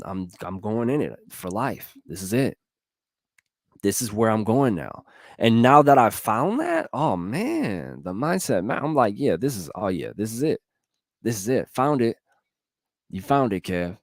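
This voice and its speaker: A man giving an energetic motivational monologue in casual slang, repeating lines for emphasis and laughing often. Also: lowish voice, no echo, studio quality. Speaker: motivational speaker.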